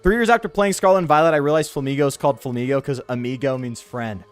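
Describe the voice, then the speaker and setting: A man streaming a game, chatting casually in an animated, slangy, ranting way. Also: mid-range voice, fast talker, clean tone, soft background music. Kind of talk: casual live-stream chat while gaming.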